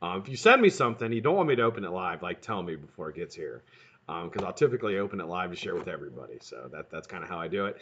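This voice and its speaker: A man hosting a live stream in casual chat, greeting viewers by name and swearing freely, his voice sounding a bit hoarse. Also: low-pitched, sing-song, rapid-fire, a bit bright, dull audio. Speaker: livestream host.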